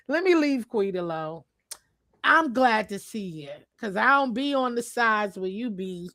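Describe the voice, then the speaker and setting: A woman chatting casually to her viewers on a livestream, loud and playful, laughing often and trash-talking. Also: on the high side, lively intonation, slow, long pauses, dry recording. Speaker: channel host. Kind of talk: casual live chat.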